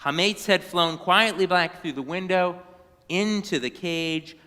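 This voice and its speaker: Man, children's storybook reading, animated, bright, high-ish voice, long hall reverb. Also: unhurried, clean tone. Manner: animated, sings short prayer phrases. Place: synagogue sanctuary.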